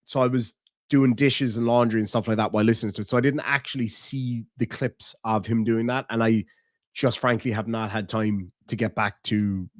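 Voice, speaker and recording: A man's voice: on the low side, fairly even intonation, moderate pace, no room sound, studio quality. An Irish man hosting a live stream, answering his chat in a blunt, casual way, swearing freely and laughing often. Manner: blunt, profane, laughs easily. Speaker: streamer host reading chat.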